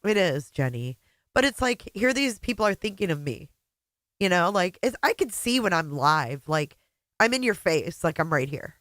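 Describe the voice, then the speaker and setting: A woman's voice: lowish voice, big pitch swings, moderate pace, fairly bright tone, no echo. A middle-aged woman hosting a casual livestream chat, emotional and teary, greeting viewers by name. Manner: emotional, chatty, reading out viewer names. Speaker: livestream host.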